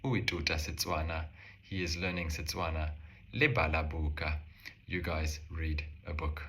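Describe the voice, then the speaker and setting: A man calmly explaining a language lesson step by step, slowing down to say example phrases. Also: very deep voice. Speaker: language teacher.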